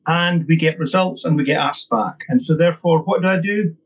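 Man, middle-aged, interview guest, husky, a bit high, upbeat, emphatic, dull lo-fi recording. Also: a little fast. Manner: upbeat, emphatic, repeats words. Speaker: guest, training consultant. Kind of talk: interview answers, storytelling. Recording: dull lo-fi sound.

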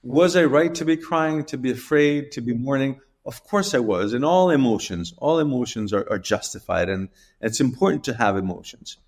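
A middle-aged man, an interview guest, tells a personal story in a halting, emotional way with restarts and small laughs. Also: mid-range voice, expressive. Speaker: guest telling his story.

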